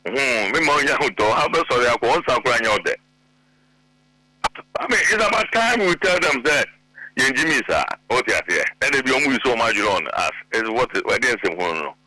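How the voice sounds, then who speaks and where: Emphatic Ghanaian man, bright dry voice. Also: mid-range voice, animated, moderate pace, no room sound, poor audio. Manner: emphatic, mixes Twi and English. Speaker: guest politician. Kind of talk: animated political talk show.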